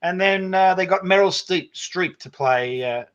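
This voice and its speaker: A man's voice: sits high, unhurried, a bit bright, muffled recording. A man with an Australian accent, a comedy performer guest who chuckles and speaks in a laid-back way on a panel show. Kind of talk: jokey panel banter.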